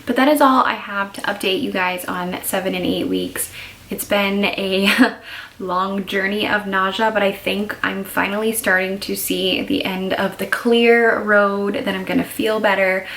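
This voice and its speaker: A woman's voice: mid-range voice, fairly even intonation, a little slow, a bit bright, poor audio. A young pregnant woman telling her story in a candid, chatty video diary. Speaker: vlogger.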